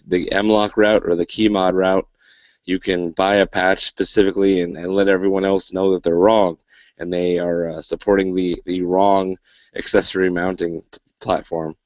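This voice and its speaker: A man with a deep, low voice hosts a casual podcast. He rambles through his points with plenty of fillers, now and then slipping in dry sarcasm. The sound is dry and a little dull. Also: little pitch movement, normal speed, a little mellow, no echo. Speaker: podcast host.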